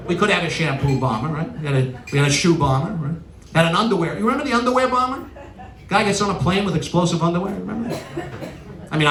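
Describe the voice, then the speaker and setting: Middle-aged new york guy doing stand-up, high lively voice bouncing all over, echoey hall, crowd laughing. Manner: animated punchline delivery with exasperated rants. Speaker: stand-up comedian. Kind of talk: stand-up comedy routine. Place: stage in a large venue with a live audience. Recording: roomy live hall from a distance, audience noise. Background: audience laughter and applause.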